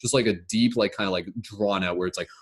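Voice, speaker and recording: A man hosts a casual online laughter meditation, talking upbeat and rambling with plenty of "like" fillers. His voice sits a little low. He is heard over a video call. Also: fairly even intonation, quick pace, breathy edge. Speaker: host, laughter meditation facilitator. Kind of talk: casual online group session.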